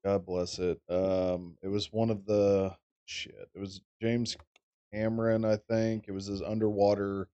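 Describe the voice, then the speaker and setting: A man co-hosting a laid-back podcast with a lowish voice. He talks in a relaxed, rambling way, wandering through what he remembers. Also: unhurried, clear, resonant tone, muffled recording. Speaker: podcast co-host. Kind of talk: casual chat.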